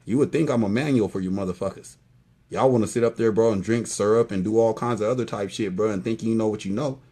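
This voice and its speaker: A man's voice: on the low side, fast, mellow. A man in his forties giving a casual, profane monologue to his viewers, lecturing them and tagging lines with "boy" and "you know what I mean". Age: 40s.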